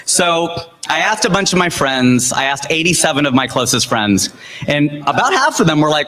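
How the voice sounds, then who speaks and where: An American man in his forties performing a stand-up comedy set, telling stories with animated, punchy delivery. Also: fairly high pitch, a little fast. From United States. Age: 40s. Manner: animated storytelling, punchy jokes. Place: large event hall with audience. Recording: long hall reverb.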